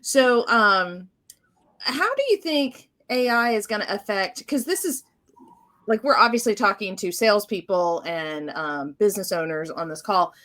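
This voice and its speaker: A woman's voice: medium pitch, lively intonation, unhurried, fairly bright tone. A woman hosting an interview, chatty and affirming toward her guest. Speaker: host. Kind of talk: casual interview.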